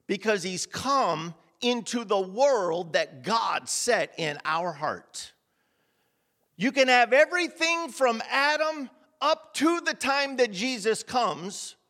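Male preacher, high-pitched, slow emphatic sermon delivery, reverberant hall sound. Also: bright, forceful tone. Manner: emphatic, rhetorical questions and repetition.

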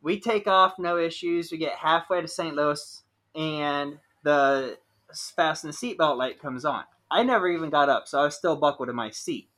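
A man's voice: on the high side, normal speed, bright, forceful tone. A young man co-hosting a podcast, telling rambling stories with lots of "like" in casual chat. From Ohio, USA. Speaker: podcast co-host.

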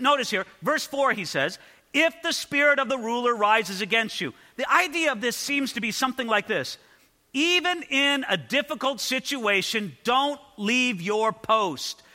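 High, bright-voiced preacher in a hall. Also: male voice. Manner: earnest, questioning the listeners directly. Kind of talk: expository sermon. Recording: long hall reverb.

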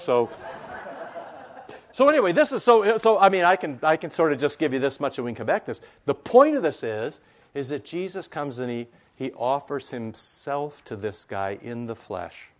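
A male pastor preaching a conversational sermon in a church, full of asides and rhetorical questions. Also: medium pitch. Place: church sanctuary.

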